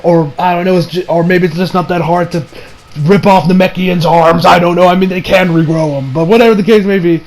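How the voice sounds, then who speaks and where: Excitable high-voiced man rambling casually. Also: fairly quick, poor audio. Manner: rambling, excitable, with slang and swearing. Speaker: anime reviewer. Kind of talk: casual episode review.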